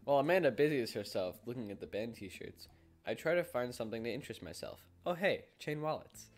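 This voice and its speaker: A man's voice: medium pitch, expressive, quick pace, a little mellow. A young man hosting a let's play, reading a dating game's text aloud in a casual way and laughing often. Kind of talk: casual gameplay commentary.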